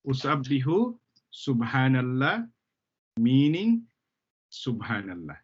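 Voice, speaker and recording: This man teaches Arabic live, explaining with patience, going over key terms again and frequently making sure students keep up. He speaks slowly in a mid-range, breathy voice with big pitch swings, and the recording sounds dull and lo-fi.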